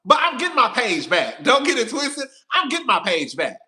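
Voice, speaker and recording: A man's voice: very high-pitched, wildly swooping pitch, moderate pace, bright, forceful tone. A man hosting a casual live stream, talking straight to his viewers in a sassy, profane, long-winded way. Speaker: host of a reality TV commentary channel.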